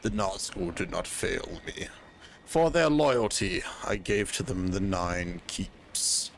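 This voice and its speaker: A man's voice: deep voice, slow pace, creaky, slight background noise, voice pushed down, exaggerated voice. Sauron, as a man puts him on. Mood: cold. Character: menacing male dark lord, cold and commanding.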